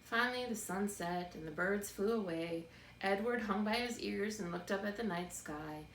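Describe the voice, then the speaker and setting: A woman narrating a children's book in a steady, expressive read-aloud. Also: medium pitch, moderate pace. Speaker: storybook reader. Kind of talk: scripted narration. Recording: roomy, distant mic, faint background noise.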